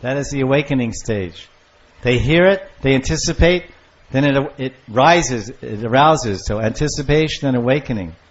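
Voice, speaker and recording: An older man giving a devotional lecture on scripture, storytelling with lively acted-out voices. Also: medium pitch, moderate pace. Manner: animated storyteller, acting out lovers' calls. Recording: muffled lo-fi lecture recording.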